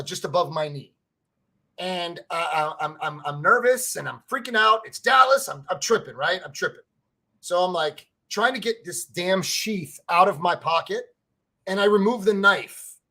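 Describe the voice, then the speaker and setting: Rambling podcast co-host, man with a high, bright voice, stumbles over words, cusses a lot. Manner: rambling, stammers and repeats words, swears freely. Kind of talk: casual sports fan chat.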